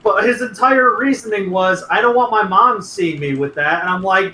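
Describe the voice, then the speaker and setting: A young man on a casual podcast, telling crude stories with animated energy. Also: high voice, moderate pace, hardly any pauses. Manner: animated storytelling, crude jokes, voices friends. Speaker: podcast regular telling a story. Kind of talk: casual chat. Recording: echoey room with faint noise.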